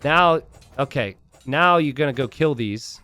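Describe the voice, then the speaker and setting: A man giving casual strategy game commentary, chatty with relaxed asides, then bursting into excited shouts and laughter at big plays. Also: medium pitch, measured pace, no echo. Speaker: game caster.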